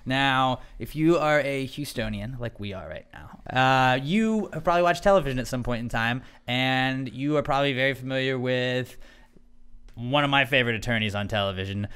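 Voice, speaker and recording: A man's voice: medium pitch, expressive, fairly quick, a bit bright, clean tone. A man hosting a podcast in casual chat, telling stories in a rambling way with a lot of laughter. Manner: rambling, laughing storyteller full of restarts. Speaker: podcast host.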